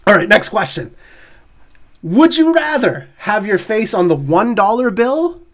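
A man's voice: sits high, very animated, unhurried. A middle-aged man hosting a podcast, chatting casually, laughing often and reading out questions. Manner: laughs often, reads out would-you-rather questions. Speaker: podcast host. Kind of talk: casual chat.

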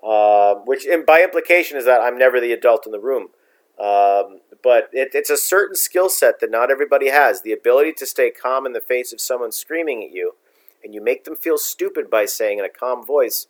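A middle-aged man at a mid pitch co-hosts a casual political talk show. He rants bluntly and with strong opinions, piling point on point in a plain, unpolished way. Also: expressive, a little fast. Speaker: podcast co-host.

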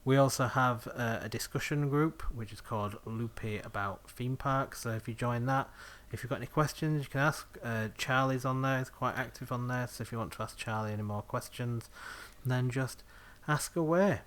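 A man's voice: medium pitch, normal speed, hardly any pauses, a bit bright. A man, hosting a podcast in casual chat, full of ums and laughs. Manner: chatty, laughs often, many ums. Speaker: podcast host.

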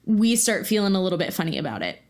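A woman with a mid-pitched voice gives measured, thoughtful comments during a podcast chat. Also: big pitch swings, a little mellow.

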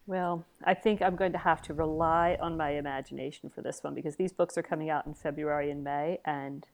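Middle-aged woman, really low voice, chatting on a podcast, lots of stammery repeats. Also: steady tone, fairly quick, creaky. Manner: warm storytelling, frequent stammered repeats. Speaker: podcast co-host. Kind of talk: casual chat.

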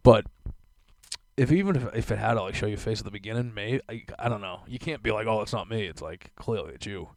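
A little fast and fairly low in pitch, with no echo, this young man hosts a podcast and sits close to a dry mic. In loose conversation he delivers an animated, swearing-laden rant, laughing throughout.

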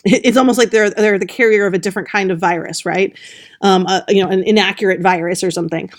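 A woman journalist, a guest on a podcast, explaining in a gentle way with frequent restarts. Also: medium pitch, steady tone, fast talker. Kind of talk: podcast interview.

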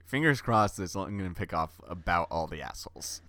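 A man co-hosting a comedy podcast, delivering absurd bits in a deadpan, mock-serious way. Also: low voice, brisk, no room sound. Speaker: podcast co-host. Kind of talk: comedic improvised banter.

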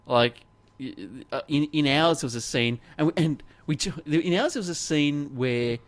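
A man's voice: fairly high pitch, normal speed. Rambling, chatty man with frequent restarts. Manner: rambling, self-interrupting, laughs often. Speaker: podcast co-host. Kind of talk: casual chat.

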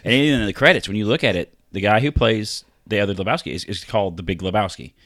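Laughing, low-voiced man podcast co-host. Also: quick pace, fairly bright tone, dry recording, clean studio sound. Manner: laughs often, quotes movie lines. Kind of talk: casual chat.

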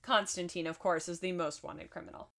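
A woman's voice: lowish voice, fairly even intonation, a little fast, creaky, fairly bright tone. Chatty woman co-hosting a film recap. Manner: chatty and laughing, with asides. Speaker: podcast co-host. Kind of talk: casual chat recapping a film.

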